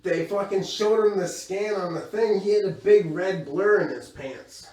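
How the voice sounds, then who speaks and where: A man doing crude stand-up storytelling, profane and animated, laughing as he goes. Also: sits high, moderate pace. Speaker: stand-up comedian. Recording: echoey room from far off with crowd.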